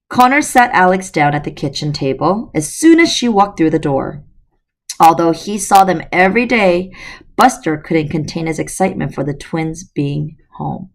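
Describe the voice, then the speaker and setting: A woman's voice: lowish voice, a little slow. Chatty woman reading a storybook aloud. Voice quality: lively voice changes for the characters, casual and talkative. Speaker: storytime reader. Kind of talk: reading a children's novel aloud with chatty asides.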